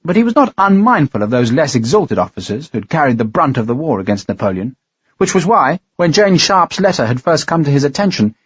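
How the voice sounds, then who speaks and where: Husky-voiced man narrating an audiobook. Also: a little high, big pitch swings, a little fast, no room sound, highs cut off. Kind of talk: scripted narration.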